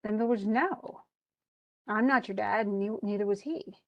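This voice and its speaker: Woman, literature instructor, casual chatty classroom lecture, mid-pitched, mixes slang with recited verse. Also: steady tone, brisk, dry recording, lo-fi sound. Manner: chatty plot retelling with frequent "he goes" asides; switches between modern slang and quoted archaic verse.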